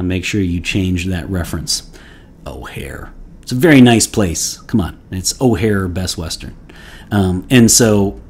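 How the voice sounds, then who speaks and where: A husky, low, darkish-toned male voice belongs to a man hosting his own fragrance channel. He reviews products casually on his own, wandering off track, feigning outrage for fun, and restarting often.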